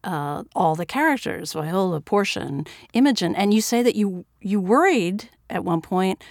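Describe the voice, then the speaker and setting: A woman's voice: mid-range voice, animated, normal speed, no room sound, clean studio sound. A woman interviewer asking long, probing questions with curiosity. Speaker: interviewer, host.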